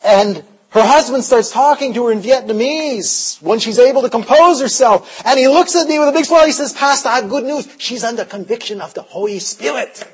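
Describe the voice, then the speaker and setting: A man preaching a sermon as pastor, telling stories, sometimes shouting and sometimes dropping to a hush. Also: extremely high pitch, fairly quick, hardly any pauses, breathy edge, rough recording. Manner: storytelling, shifts from shouting to hushed.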